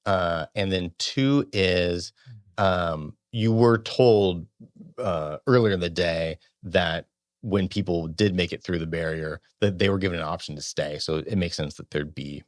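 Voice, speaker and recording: A man narrating as game master of a tabletop role-playing game, relaxed and halting. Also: sits low, no room sound.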